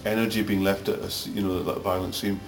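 A middle-aged Glaswegian man, an actor being interviewed, rambling through anecdotes that grow animated. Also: low voice, quick pace, creaky. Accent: Glaswegian Scottish. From Scotland. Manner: rambling anecdotes, gets animated telling stories. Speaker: actor guest. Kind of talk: casual interview chat. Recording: roomy echo, music behind.

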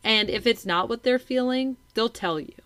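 A woman's voice: on the high side, normal speed, smooth, dry recording. A woman in her thirties, a mother co-hosting a casual chat, talking animatedly and acting out what kids and parents say. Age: 30s. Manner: animated, acts out kids' and parents' lines. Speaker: podcast co-host, mother.

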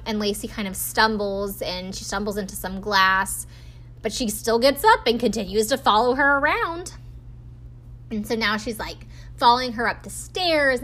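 A woman's voice: mid-range voice, a bit bright. A woman hosting a podcast, chatting casually as she recaps a show, her talk full of "like" and "um" fillers. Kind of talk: casual chat.

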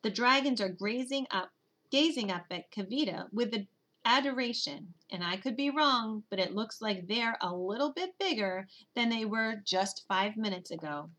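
A woman giving expressive, steady first-person narration of a children's storybook. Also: fairly high pitch, normal speed. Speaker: audiobook narrator.

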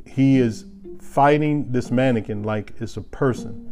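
A man casually telling a story to a listener, animated and chuckling, getting louder at the tense moments. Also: mid-range voice, unhurried, soft background music.

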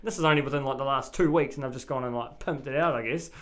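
A man's voice: medium pitch, quick pace, fairly bright tone. A man telling a sweary, easygoing anecdote in casual podcast chat.

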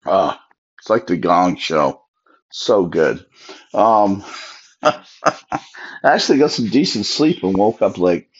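A man's voice: low-pitched, a little hiss or hum. A man talking casually on his own, sleepy and yawning, rambling with restarts as he tells his thoughts. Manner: rambling, chatty, with self-interrupting restarts. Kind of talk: casual solo monologue. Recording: dull lo-fi recording.

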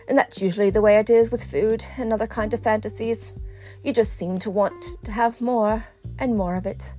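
A middle-aged woman with a medium-pitched, slightly mellow voice chats directly to her viewers in a personal vlog. She's playful and pokes fun at herself.

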